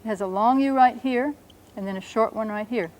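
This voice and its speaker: A woman teaching a language lesson, explaining patiently and sounding out words slowly and carefully. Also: on the high side, darkish tone.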